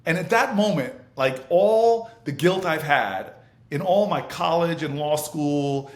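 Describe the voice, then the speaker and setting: A man, a senator and interview guest, telling a lively anecdote with laughter and vivid scene-setting. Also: on the high side, unhurried, echoey room. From United States. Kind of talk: animated anecdotal storytelling.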